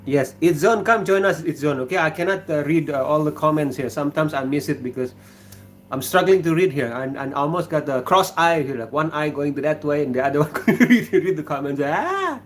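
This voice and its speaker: A man from Indonesia with an Indonesian accent, hosting a casual livestream from his kitchen, talking in a relaxed, halting way and reading viewer comments aloud. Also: fairly high pitch. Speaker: livestream host.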